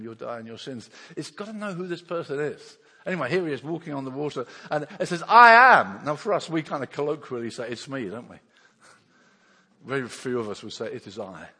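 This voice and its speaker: A man preaches with an animated, swooping delivery, his voice a touch husky. He slips into the voices of the people in his Bible story and chuckles often. The sound carries a long reverb from a church hall. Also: a little high. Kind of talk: sermon.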